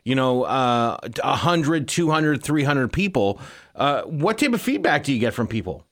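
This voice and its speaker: A man's voice: mid-range voice, big pitch swings, normal speed, a bit bright. A male radio host interviewing a guest in a conversational way and promoting the event.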